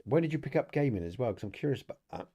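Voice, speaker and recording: A man's voice: medium pitch, very animated, rapid-fire, vocal fry, dark tone, slightly rough, lo-fi sound. A middle-aged man hosting a casual livestream podcast, rambling and chatty, laughing often and talking to viewers in the chat. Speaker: podcast host.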